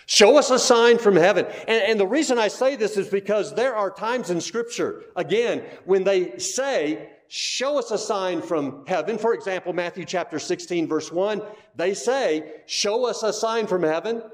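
Male pastor, high and very lively voice, emphatic sermon delivery with rhetorical questions. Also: unhurried.

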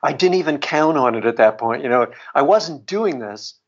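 A middle-aged man, a book author, tells a personal story in a reflective way, laughing often and restarting his sentences. His voice is husky and sits at a middle pitch. The recording sounds dull and lo-fi. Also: animated, moderate pace. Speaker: author and guest. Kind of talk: storytelling in a podcast interview.

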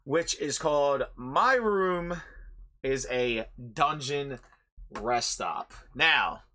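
A man's voice: medium pitch, lively intonation, drawn-out words, sharp tone. A young man hosting an anime review show, rambling casually with heavy swearing and lots of filler words.

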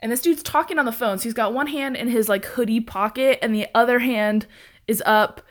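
A woman telling a story in a casual chat, animated, laughing often and swearing freely. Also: on the high side, a little fast.

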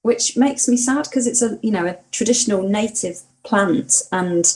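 A woman from England co-hosting a podcast, chatting enthusiastically, laughing often and firing off quick questions. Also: mid-range voice, a little mellow. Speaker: podcast co-host, hedge witch. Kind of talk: casual chat.

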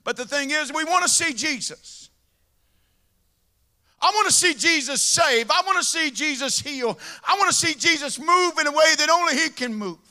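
A man preaching a sermon in a folksy, animated way. His voice sits high and bright. He repeats his phrases as he tells a story. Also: normal speed.

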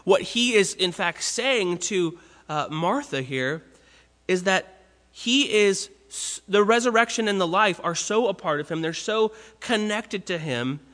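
A man's voice: high voice, pushed and bright, in a large hall. A man preaching a sermon in an earnest, conversational way, often restarting phrases.

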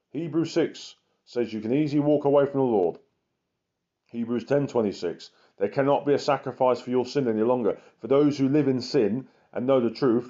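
A man preaches as an evangelist, driving his points home with emphatic repetition. His voice is mellow and warm and sits at a middle pitch. The recording sounds muffled and lo-fi. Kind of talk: sermon.

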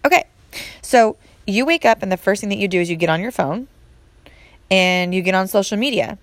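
Speaking straight to the listener, a woman who coaches fitness and mindset hammers home her motivational message, repeating herself for emphasis. She has an animated, brisk, mid-range voice, captured in a dry recording.

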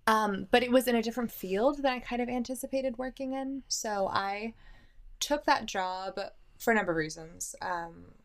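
A woman's voice: a little high, moderate pace. A woman, chatting as an interview guest, talking freely about her career with ums and light laughter. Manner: chatty and self-aware, with frequent ums and laughs. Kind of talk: casual conversational interview.

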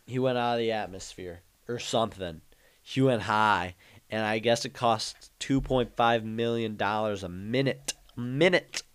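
A man's voice: fairly low pitch, a little slow, smooth. A young man hosting his own podcast, talking alone in a rambling, joking, ranting way. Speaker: podcast host. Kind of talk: casual solo monologue.

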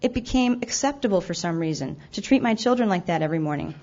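On the low side, fast and animated with a slightly mellow tone, a woman tells a personal recovery testimony. She's candid and self-mocking, acting out her own past remarks and sometimes restarting as she stumbles. The recording is from an event, dull and lo-fi.

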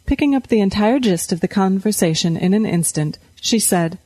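A woman's voice: mid-range voice, expressive, moderate pace, hardly any pauses, a little mellow, no echo. Woman narrating fiction, dry close sound. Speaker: audiobook narrator.

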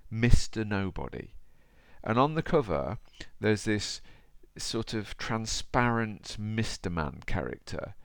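A man's voice: on the low side, very animated, slow pace, few pauses, fairly bright tone, no room sound. A man hosting a podcast, chatting and addressing the listener directly, reading from a picture book. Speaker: podcast host. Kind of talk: motivational podcast talk with storybook reading.

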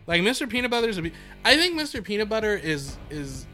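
A man co-hosting a podcast in casual chat, talking in an animated, emphatic way and swearing freely. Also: sits high, fast, soft background music. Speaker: podcast co-host.

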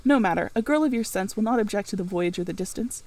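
Woman reading as a commanding brooding gentleman. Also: medium pitch, expressive, fast, lightly acted, low-quality recording. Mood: persuasive. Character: brooding gentleman, middle-aged man, commanding.

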